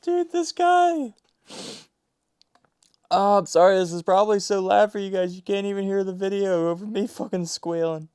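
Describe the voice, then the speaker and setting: A man's voice: high voice, level tone, fast, hardly any pauses, a little mellow, clean tone. A man hosting a reaction video, talking through helpless laughter and near tears. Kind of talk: casual reaction commentary.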